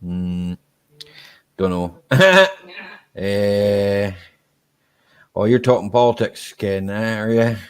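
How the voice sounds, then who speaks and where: A Scottish man hosting a casual live-stream chat, relaxed and chatty, laughing easily and tagging his sentences with "eh?". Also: fairly low pitch, slow pace, pauses often, smooth. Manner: relaxed and chatty, ends lines with "eh?".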